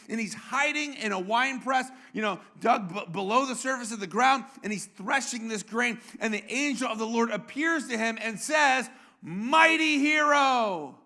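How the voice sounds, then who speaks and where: A man's voice: very high voice, creaky, sharp tone. A male pastor preaching a sermon in a conversational way, with joking asides and frequent restarts.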